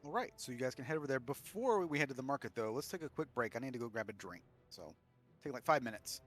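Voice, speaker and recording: Blunt, casual game master. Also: male voice, medium pitch, expressive, a bit bright, faint music behind. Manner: casual, blunt, quick bursts. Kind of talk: casual chat between game sessions.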